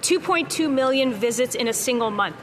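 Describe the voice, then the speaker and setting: High-voiced woman questioning pointedly in parliament. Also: expressive, fairly quick. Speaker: opposition member of parliament. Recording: chamber crowd murmur behind.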